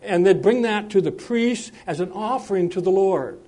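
A man preaching a sermon, speaking in a measured way with frequent hesitations and restarts, and slowing down and lifting his voice when he reads scripture aloud. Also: high voice, animated, warm tone. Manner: slows and lifts his voice when reading scripture.

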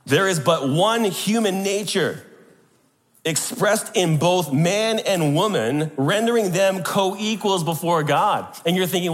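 A man's voice: high voice, slow, long reverb tail. A man preaching a sermon to a congregation, emphatic and posing rhetorical questions.

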